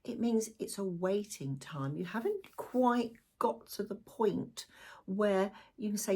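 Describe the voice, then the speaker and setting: Chatty croaky-voiced woman. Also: mid-range voice, slow pace. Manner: warm, chatty and lively, with asides to viewers. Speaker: tarot reader. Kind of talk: chatty tarot reading vlog.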